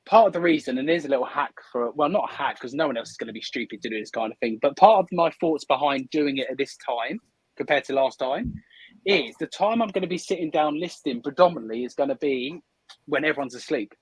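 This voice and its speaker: A man's voice: medium pitch, animated, fast talker, breathy edge, no echo, low-quality recording. A man hosting a live stream from a hot shed, chatting upbeat and thinking aloud while he works. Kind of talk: casual chat while working. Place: hot shed under photography lights.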